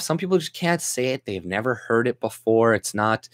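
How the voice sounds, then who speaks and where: A man's voice: medium pitch, expressive, normal speed, no room sound, studio quality. A man ranting on his video channel in a mocking, profane way, full of rambling restarts. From Canada. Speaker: YouTuber ranting at the camera. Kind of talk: profane sarcastic rant.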